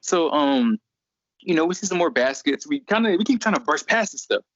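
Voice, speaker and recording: A man's voice: fairly high pitch, fairly quick, no room sound. A young man in college telling a story casually, acting out the other people's voices. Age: young adult. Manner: animated, acts out voices in quotes. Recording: dry, dull lo-fi recording.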